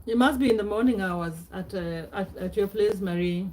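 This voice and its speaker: A middle-aged woman hosts a relaxed live stream where she chats, calls viewers by name, laughs frequently, and keeps clearing her throat. She speaks at a normal speed with a medium-pitched, warm voice.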